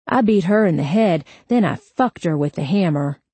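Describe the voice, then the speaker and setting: A woman's voice: on the low side, lively intonation, normal speed, mellow, slightly rough, no room sound. A snarling crude young male suspect, as a woman reads him. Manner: snarling and crude, turning whiny and panicked when hurt. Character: angry sneering young male suspect under interrogation.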